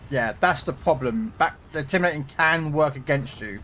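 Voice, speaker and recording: A middle-aged British man talks on a game stream in a loose, rambling way. His voice sits a little high for a man, and he keeps stopping and restarting his sentences with plenty of fillers. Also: animated, moderate pace, fairly bright tone, slight background noise. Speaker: gaming streamer. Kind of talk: casual chat.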